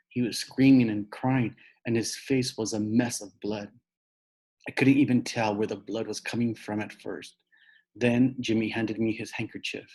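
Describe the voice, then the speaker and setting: A man reading a children's book aloud, telling it in an animated way. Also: mid-range voice, breathy edge. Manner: animated storytelling with a boyish narrator's voice. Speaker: reader.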